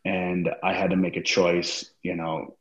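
Deep-voiced man swearing through a story. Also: flat delivery, a little slow. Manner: profane, acts out quoted dialogue. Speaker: podcast guest, former wrestler. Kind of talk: casual storytelling interview. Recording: roomy, dull lo-fi sound.

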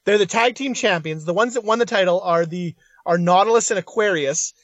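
A man's voice: sits high, brisk, fairly bright tone, no room sound, lo-fi sound. A young man co-hosting a casual podcast, blunt and profane, often laughing as he talks. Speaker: co-host.

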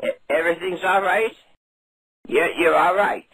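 A man's voice: sits high, steady tone, moderate pace, fairly bright tone, heavily acted. A man putting on the voice of a confused, rambling elderly woman during a prank phone call. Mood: dithering. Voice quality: creaky, husky. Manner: rambling, repeats words, loses track. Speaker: prank caller.

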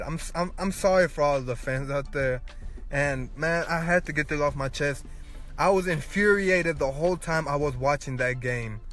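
A young man hosting his own sports podcast, ranting angrily and swearing, his voice climbing in outrage. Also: fairly high pitch. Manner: angry ranting, swears, rising to near shouts. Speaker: podcast host. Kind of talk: solo sports rant podcast.

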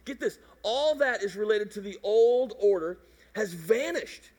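Middle-aged male pastor, very high-pitched, playful and animated delivery. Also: unhurried, long reverb tail. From Mississippi. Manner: animated, jokey, acts out voices and roars. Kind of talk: sermon.

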